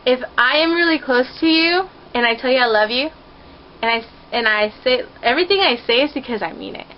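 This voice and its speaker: A woman's voice: high voice, fairly quick, lo-fi sound, slight background noise. A woman talking casually to her viewers from her own room, rambling, playful and openly emotional. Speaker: vlogger. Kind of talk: casual heartfelt talk to camera.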